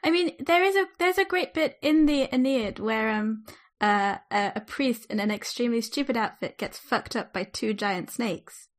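A woman's voice: a little high, normal speed, few pauses. A woman co-host on a podcast, teasing and giggly in casual banter.

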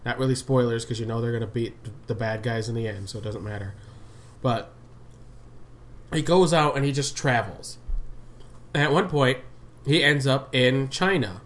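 A man in casual podcast chat, talking at a mid pitch with hiccups. He rambles and gets excited, now and then tossing in a curse. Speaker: podcast co-host.

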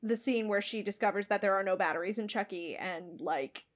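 A woman's voice: mid-range voice, a little fast. A woman co-hosting a podcast, discussing a horror film with eager, analytical remarks. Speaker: podcast co-host.

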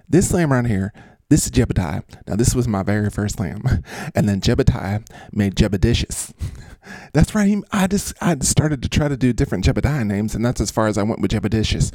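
A man's voice: mid-range voice, very animated, normal speed, mellow, dry recording, studio quality. A man voicing an eager, chatty male lamb farmer with a drawl, pushily showing off his animals in a comedy podcast bit. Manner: drawling and pushy, keeps showing off.

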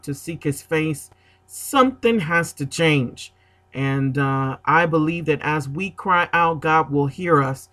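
A man on a gospel radio broadcast announces a prayer segment. He speaks earnestly and pauses on frequent fillers. His voice sits a little high and sounds bright and tense.

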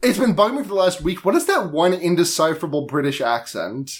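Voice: mid-range voice, lively intonation, quick pace, crowd noise. A podcast host chatting casually, giggly and rambling, often repeating words.

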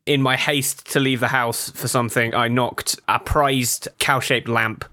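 A man's voice: medium pitch, steady tone, a little slow, sharp tone, no room sound, studio quality. A man playing a comedy game show, joking with mock outrage and gamer slang. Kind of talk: improv comedy banter.

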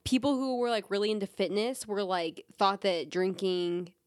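A woman's voice: mid-range voice, fairly even intonation, normal speed, no echo, clean studio sound. A woman from Michigan with a Michigan accent, chatting casually as co-host, giggling and filling her talk with "like". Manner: giggly, chatty, lots of fillers. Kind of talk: casual chat.

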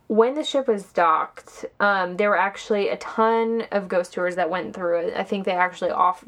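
Casual woman telling ghost lore. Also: mid-range voice. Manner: relaxed, informal storytelling with fillers. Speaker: podcast co-host.

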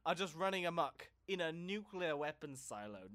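A man's voice: fairly high pitch, expressive, moderate pace, fairly bright tone. A man co-hosting a comedy podcast, telling a story casually, often repeating words as he goes and laughing. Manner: stammering repetitions, frequent laughs. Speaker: podcast co-host.

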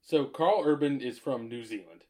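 A man in casual podcast chat, animated and swearing, who laughs often and rambles with lots of "like". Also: mid-range voice, normal speed. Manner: animated, laughs often, swears, mimics others in quoted asides; rambling with many "like" fillers.

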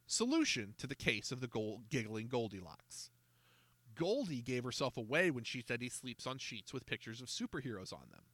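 A man reads a children's storybook aloud, his voice bright and ringing, rising and falling freely across each sentence. The sound is close and dry, with no room around it. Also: mid-range voice, normal speed, no room sound. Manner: lively, expressive storytelling. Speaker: narrator. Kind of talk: scripted storybook narration.

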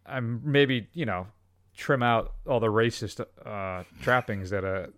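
A man's voice: on the low side, measured pace, a bit bright, no echo, clean studio sound. A man co-hosting a film podcast, rambling and joking with many fillers. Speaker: podcast co-host. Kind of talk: casual comedic film chat.

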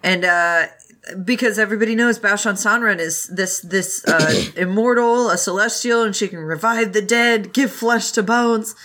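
A woman co-hosting a casual chat, recapping a story and acting out lines with sudden jumps into high voices. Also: normal speed, sharp tone. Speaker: podcast co-host recapping a story.

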